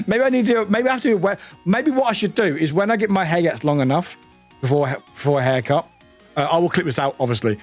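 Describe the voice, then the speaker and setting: Over soft background music, a man with a high, fairly quick voice streams a game and chats casually. He giggles a lot, stumbling over words and restarting as he reads text aloud.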